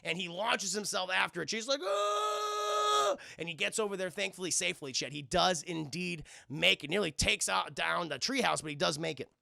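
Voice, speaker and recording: A young man chatting to his stream audience as he retells a film's scenes, animated and profane, bursting into silly voices. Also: high voice, fairly quick, gravelly, hardly any pauses. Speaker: streamer reviewing a film. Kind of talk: casual chat to a livestream audience.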